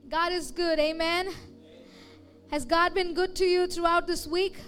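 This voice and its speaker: A woman pastor preaching a sermon, lively, calling out to the congregation for amens. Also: extremely high pitch, a little slow, faint music behind. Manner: lively preaching with call-and-response.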